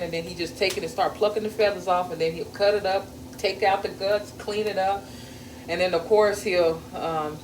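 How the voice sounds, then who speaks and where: A middle-aged woman talks her way through a home cooking session, folksy and blunt, wandering off into family stories. Her voice rings around a bare kitchen and sits well back from the mic. Frying food sizzles loudly under her words. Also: on the low side, a little hiss or hum. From American South. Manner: chatty, earthy and profane, with folksy grammar and storytelling tangents. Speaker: home cook vlogger. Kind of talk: casual cooking vlog chat. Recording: echoey kitchen, mic at a distance, sizzling pan.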